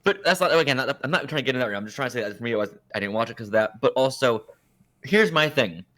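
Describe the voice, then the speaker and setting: A man's voice: mid-range voice, expressive, rapid-fire, pushed and bright. A man co-hosting a podcast, chatting casually and rambling through his opinions, often correcting himself mid-sentence. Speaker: podcast co-host. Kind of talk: casual chat.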